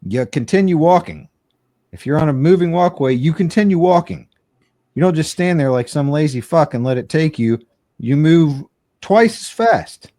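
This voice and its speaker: A man's voice: on the high side, expressive, normal speed, warm tone, no room sound. A man co-hosting a comedy podcast, ranting in a profane, curmudgeonly way. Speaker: podcast co-host. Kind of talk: casual comedy podcast chat.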